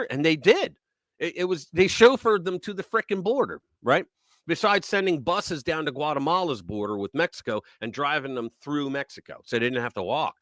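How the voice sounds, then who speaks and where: A man hosting a live news talk stream, talking in a casual, mocking way and swinging between loud remarks and muttered asides. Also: a little high, expressive, fairly quick, no echo.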